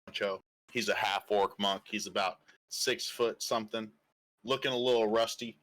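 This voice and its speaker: A man's voice: fairly low pitch, fairly even intonation, normal speed, a bit bright. A man playing a tabletop game, describing things in a laid-back, casual way. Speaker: player.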